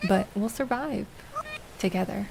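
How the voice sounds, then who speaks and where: A woman's voice: medium pitch, unhurried, gravelly. A woman reading the lines of a young male village leader as he rallies his villagers in a commanding tone. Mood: rallying. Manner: rousing, commanding, reading game dialogue. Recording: noisy home recording.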